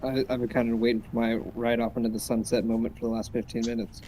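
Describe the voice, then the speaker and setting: A man's voice: medium pitch, flat delivery, fast talker, mellow, slight background noise, rough recording. A man casually playing a tabletop role-playing game, speaking with some hesitation. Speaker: player.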